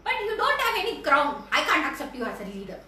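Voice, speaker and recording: A woman's voice: high-pitched, wildly swooping pitch, fast, bright, forceful tone, heavy reverb, recorded from a distance, a little hiss or hum, heavily acted. Woman doing a cheeky, defiant brinjal. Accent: Indian English. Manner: defiant, mocking. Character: proud cheeky brinjal with a crown.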